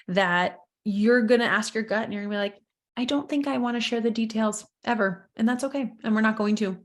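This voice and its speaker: A woman in her thirties hosts a solo podcast in a candid, heartfelt way. Her voice sits at a middle pitch and swings up when she gets emotional. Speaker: podcast host, business coach. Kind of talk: casual solo podcast talk.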